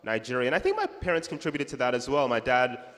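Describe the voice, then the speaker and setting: A man speaking as a guest author at a festival panel, reflective and unhurried. His voice sits in a mid range. It carries a long reverberant tail from the hall. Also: mid-range voice. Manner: reflective, animated when retelling memories.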